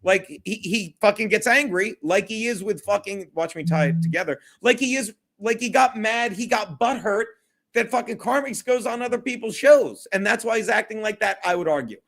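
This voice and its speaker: A man's voice: high voice, animated, moderate pace, vocal fry, fairly bright tone. A man hosting a casual solo livestream, rambling, swearing and often breaking into laughter. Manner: profane, giggly, rambling. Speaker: livestream host.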